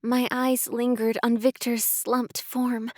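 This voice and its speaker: A woman narrating a first-person audiobook in a measured way, close to the mic. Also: on the high side, level tone, no echo.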